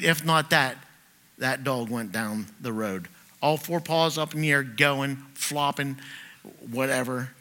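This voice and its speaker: A middle-aged man, a pastor, delivering a sermon and telling personal stories, swinging from loud bursts to quiet asides. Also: a little high.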